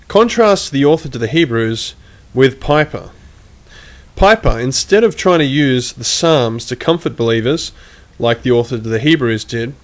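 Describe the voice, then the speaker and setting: A man giving critical commentary, measured and emphatic, reading quotations aloud as he argues. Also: medium pitch. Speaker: online commentator.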